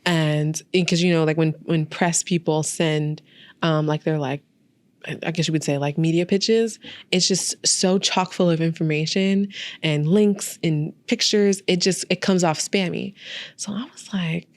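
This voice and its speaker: A young woman with a fairly low voice chats on a podcast, animated and storytelling as she acts out what she and others said. The sound is close and dry, with no room around her. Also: measured pace, dry recording. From Albany, New York. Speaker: podcast host and guest. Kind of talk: casual interview chat.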